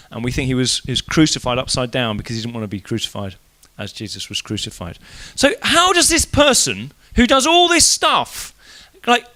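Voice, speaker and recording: A man preaching an evening church sermon in a casual, conversational way, telling the story animatedly. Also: high voice. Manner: animated storytelling, acting out quoted voices.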